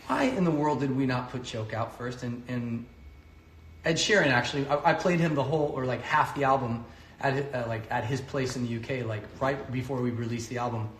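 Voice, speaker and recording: A man's voice: mid-range voice, a bit bright, roomy sound, a little hiss or hum. A man hosting a casual home cooking stream, talking loosely and correcting himself as he goes. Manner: loose, rambling, self-correcting. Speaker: home cooking show host and singer. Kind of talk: casual chat while cooking.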